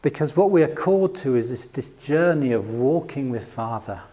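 A middle-aged British man gives a sermon in a relaxed, talkative way, often laughing at himself. His voice sits at an ordinary pitch for a man. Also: moderate pace. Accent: British English. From Britain. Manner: conversational, self-deprecating, laughs often. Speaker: pastor.

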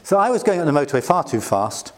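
Delivering a sermon, this middle-aged pastor from Britain is chatty and self-mocking, with frequent laughter and a British English accent. His voice is slightly high, very animated, and quick-paced.

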